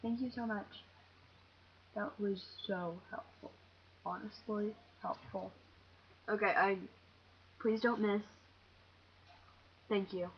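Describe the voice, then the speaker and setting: Young woman playing a video game and talking to herself, jumpy and a bit teary, slow talker, dull lo-fi mic with some hiss. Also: mid-range voice. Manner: jumpy, excitable, talks to herself. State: shaky and teary. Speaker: gamer. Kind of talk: let's play commentary. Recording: dull lo-fi home recording with faint hiss.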